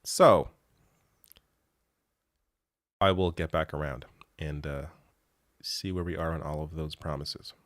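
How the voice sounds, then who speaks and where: A man's voice: rumbling low, steady tone, slow pace, long pauses, dry recording. A man hosting a live show, chatting casually and reading viewer comments in a rambling way, laughing often and swearing freely.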